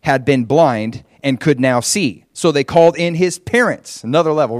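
A middle-aged man preaching a sermon, retelling a scripture story in a conversational way and acting out the quoted voices with lively shifts. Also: mid-range voice, moderate pace, hardly any pauses, no echo, clean studio sound. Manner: animated, acts out quoted voices, conversational asides.

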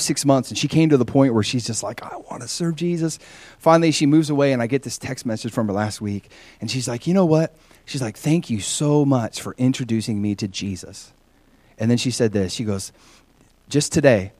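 A man's voice: mid-range voice, dry recording. A middle-aged man preaching and telling personal stories, often acting out the people he quotes. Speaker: pastor.

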